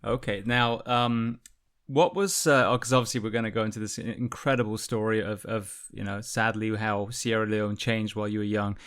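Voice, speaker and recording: A man's voice: fairly low pitch, steady tone, normal speed, fairly bright tone, clear, resonant tone. Earnest male podcast host. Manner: earnest, emphatic, with frequent fillers. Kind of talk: podcast intro and interview.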